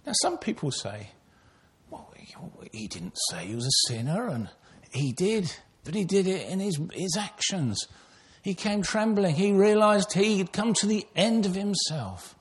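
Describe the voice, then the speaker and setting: A man's voice: high voice, sing-song, unhurried. An older man preaching an earnest sermon, telling stories and speaking directly to children.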